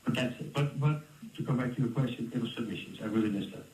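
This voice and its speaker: A Dutch man in his fifties telling stories in a casual interview, animated and laughing often. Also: mid-range voice, fast talker, slight background noise. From Netherlands. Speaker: interview guest, former fighter. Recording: roomy, distant mic with faint ambience.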